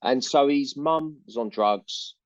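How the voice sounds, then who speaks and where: A man's voice: medium pitch, slow pace, no room sound, lo-fi sound. An older man with an East London accent, a musician telling long rambling anecdotes in a casual interview. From England. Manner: rambling anecdotes with frequent fillers and restarts.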